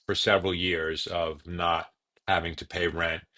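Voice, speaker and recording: A man telling his personal story as a podcast guest, earnest and halting, with frequent restarts. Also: low voice, little pitch movement, bright, forceful tone.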